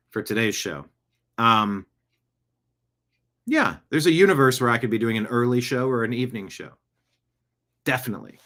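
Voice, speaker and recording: A man's voice: mid-range voice, fairly bright tone. Rambling male podcast host, live chat. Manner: rambling, digressive, jokey asides. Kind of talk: casual live-show monologue.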